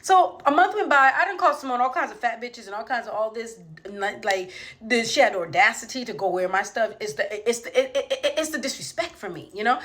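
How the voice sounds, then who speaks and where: A woman's voice: fairly high pitch, expressive, fairly quick, a bit bright. A young adult woman telling a comedic story casually, with lots of profanity, who acts out the voices of the people she quotes.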